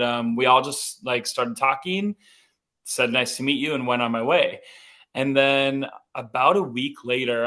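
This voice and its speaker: Chatty male podcast guest in his thirties, light North Dakota vowels, mid-pitched, upbeat storyteller. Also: sharp tone. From North Dakota, USA. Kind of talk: casual interview chat.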